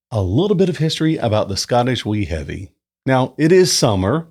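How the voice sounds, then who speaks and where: A man hosting a casual beer review, chatting at home into a new microphone. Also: a little fast. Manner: chatty, relaxed, lively pitch. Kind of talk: casual review with read-out history segment. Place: indoors at home, summer. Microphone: new desk microphone.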